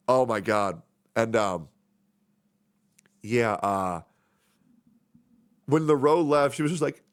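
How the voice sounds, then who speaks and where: A man's voice: lively intonation, a little slow, long pauses. A man in his thirties, a streamer, chatting casually and emotionally, rambling on about his friends. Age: 30s. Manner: rambling, emotional, puts on high voices when quoting friends.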